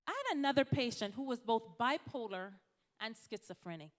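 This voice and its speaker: A woman's voice: fairly high pitch, big pitch swings, a little fast, big-room sound. A woman from Jamaica, a physician giving a conversational health talk to a church congregation, addressing the audience directly. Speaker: physician speaker.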